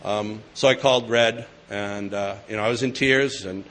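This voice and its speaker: A man's voice: fairly low pitch, steady tone, moderate pace, a bit bright. A man sharing his recovery story with an audience in a casual, joking way, with a New England accent. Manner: conversational, joking asides. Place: meeting hall with live audience.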